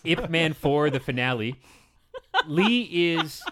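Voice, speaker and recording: A man's voice: fairly high pitch, animated, slow, fairly bright tone, slight background noise. A man hosting a casual chat, talkative and enthusiastic, laughing often. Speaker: podcast host. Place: small old cinema.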